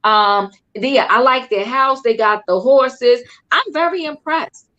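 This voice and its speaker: A woman's voice: a little high, slow, sharp tone, highs cut off. A woman hosting a casual recap chat, chatty and emphatic, often repeating herself. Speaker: host.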